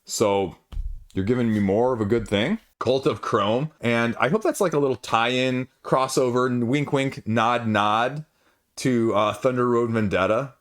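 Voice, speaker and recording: A man's voice: medium pitch, unhurried. Rambling board game channel host man. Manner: rambling, animated, off-the-cuff asides. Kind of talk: casual solo video commentary.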